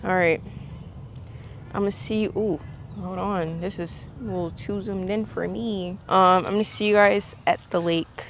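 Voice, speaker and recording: A woman's voice: mid-range voice, steady tone, measured pace, a little hiss or hum. A woman casually vlogging outdoors on her phone, laughing often and gushing over animals, out of breath from walking. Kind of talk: casual vlog chat. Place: outdoors near a lake. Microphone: phone held while walking.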